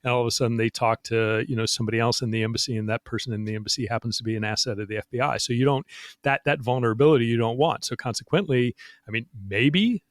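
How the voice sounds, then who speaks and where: A man's voice: mid-range voice, fast talker, no echo. A middle-aged man, a guest in an interview, explaining things frankly in a rambling, casual way full of restarts. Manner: rambling, frank, peppered with "you know" and restarts. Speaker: guest, former counterintelligence agent.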